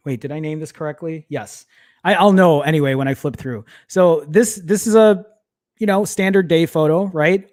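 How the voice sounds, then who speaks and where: A man's voice: a little high, a little mellow. Rambling, fumbling male livestream host. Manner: rambling, self-interrupting, apologetic while fumbling with files; mutters and swears under his breath. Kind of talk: casual live-stream chat.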